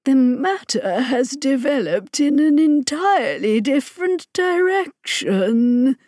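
A woman voicing a pedantic alien male minister with an artificial old man's voice, speaking with grinding slowness. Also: high voice, expressive, darkish tone, no echo, clean studio sound, voice pushed up. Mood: announcing. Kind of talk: audiobook character voice.

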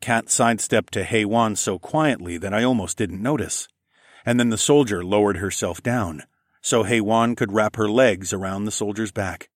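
A man's voice: on the low side, moderate pace, no echo, studio quality. A man narrating a first-person story in a gritty, profane storytelling manner. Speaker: audiobook narrator.

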